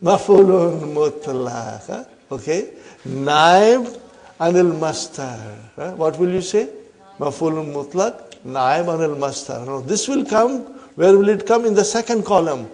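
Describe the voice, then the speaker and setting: A middle-aged man with a high, somewhat mellow voice teaches a class on Arabic grammar. He tends to finish points with a questioning "huh?" and calls his students brothers and sisters.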